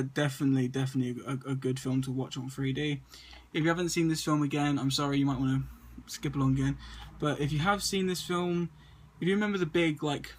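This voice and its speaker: A man, stuttering and restarting often as he casually talks through a list of movies to his camera. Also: fairly high pitch. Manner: stutters and repeats words often. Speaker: movie vlogger.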